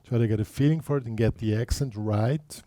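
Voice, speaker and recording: A man's voice: medium pitch, a little fast, warm tone. A man teaching a guitar lesson, explaining patiently step by step and counting beats aloud.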